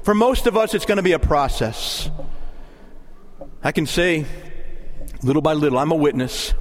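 A man preaching a sermon, animated and pleading as he moves between teaching and prayer. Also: a little high, moderate pace, slight background noise. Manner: lively, rising to impassioned pleading in prayer. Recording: long hall reverb.

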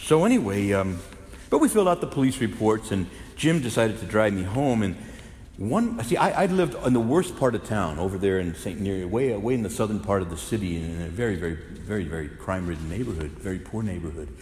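A man who is a Catholic priest, preaching a sermon with lively storytelling that swings from hushed to loud. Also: lowish voice, a little fast. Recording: echoey hall with faint noise.

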